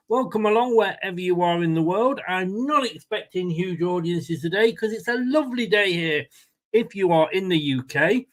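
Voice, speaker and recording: A man hosting a casual live stream from home, talking in a somewhat higher voice. He rambles in a friendly way, corrects himself mid-sentence and mocks himself. He speaks into a new desk microphone. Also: expressive, normal speed. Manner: chatty, rambling, self-deprecating, with restarts and asides. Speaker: watchalong host.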